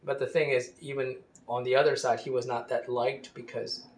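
A man telling a history story casually, pausing with many fillers and restarting his sentences. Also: medium pitch, flat delivery.

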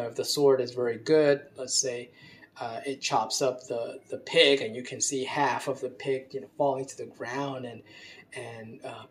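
A man giving an unscripted talk, halting often with fillers and restarts. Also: mid-range voice, a little hiss or hum. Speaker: speaker giving a talk on gender. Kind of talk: unscripted lecture.

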